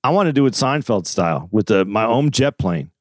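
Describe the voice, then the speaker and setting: A man co-hosting a casual comedy podcast, rambling and joking in quick asides. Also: lowish voice, sing-song, no room sound, clean studio sound. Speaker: podcast co-host.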